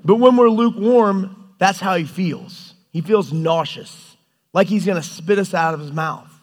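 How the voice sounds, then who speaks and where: A man preaching a sermon, animated and storytelling, often acting out quoted lines. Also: sits high, a little slow. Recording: hall reverb.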